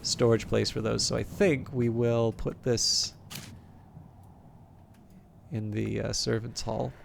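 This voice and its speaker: A man's voice: medium pitch, level tone, takes it slowly, vocal fry, background noise. A man commentating a game late at night, thinking aloud with hesitant restarts and reading game text, a little tired. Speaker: gameplay commentator.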